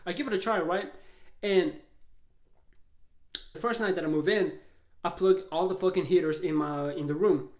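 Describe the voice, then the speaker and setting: A young adult vlogger with a mid-range, slightly mellow voice casually tells a story at normal speed, pausing often. Exasperated and swearing a lot, they ramble and keep restarting, in a roomy, echoey space with faint background ambience.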